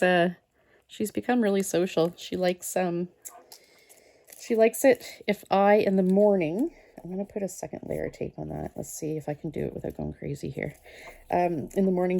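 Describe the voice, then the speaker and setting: A woman's voice: lowish voice, moderate pace, vocal fry, dark tone. A woman host chatting casually while she makes a craft page, rambling through stories and talking to herself as she works.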